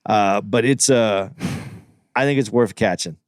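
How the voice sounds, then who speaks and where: A man's voice: lowish voice, a little slow, no echo. A man hosting a podcast, easygoing and enthusiastic, reviewing a movie in casual chat. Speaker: podcast host.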